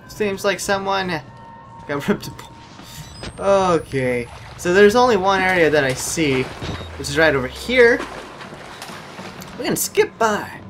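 A chatty man narrating a horror game, his pitch leaping all over as he jokes and panics. He talks slowly, and a steady hiss of noise sits under his voice. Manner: jokey, yelps and shrieks when scared. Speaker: gameplay commentator. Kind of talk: horror game let's play commentary. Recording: noisy home recording.

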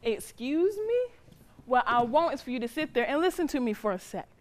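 A woman's voice: on the high side, lively intonation, quick pace, lightly acted. An actress playing a stern but loving mother who scolds her teenage son in plain, colloquial speech. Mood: stern scolding. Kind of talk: drama acting.

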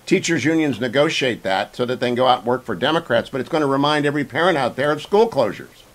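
A man's voice: medium pitch, expressive, fast, poor audio. Emphatic male talk radio host. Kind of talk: political talk radio interview.

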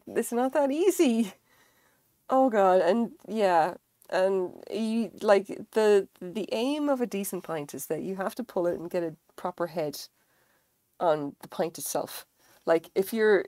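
A woman's voice: medium pitch, a little mellow, dry recording. A woman with an Irish accent chatting casually on a livestream while she crochets, talking animatedly, swearing freely and using lots of fillers. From Ireland. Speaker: livestream host.

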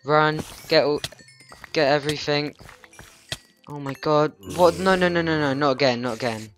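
A man's voice: on the high side, fairly even intonation, normal speed, fairly bright tone, faint music behind. A man hosting a gaming channel in casual gameplay commentary, jumpy and panicky, talking back at the game's monsters.

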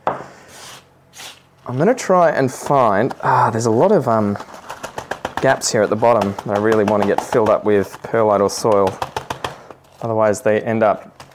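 A plant vlogger with an Australian accent and a lowish voice talks at a measured pace, often pausing, with noise in the background. He explains repotting a plant casually, joking at his own expense along the way.

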